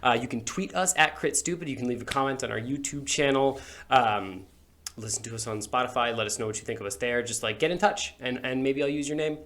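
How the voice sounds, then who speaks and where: A man hosting and running a tabletop game, narrating scenes in a relaxed way with many fillers. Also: medium pitch. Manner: relaxed, filler-heavy, describes scenes slowly. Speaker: game master and host.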